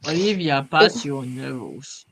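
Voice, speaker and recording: Young man, gaming chat, exasperated teasing, animated pitch. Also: measured pace, vocal fry. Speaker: teammate.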